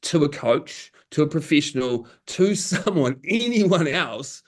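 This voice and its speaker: A man speaks as a guest on a podcast, coaching-minded and chatty. His voice sits a little high and swings widely in pitch as he animatedly acts out what others said, often breaking into laughter. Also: animated, unhurried. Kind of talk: casual conversational storytelling.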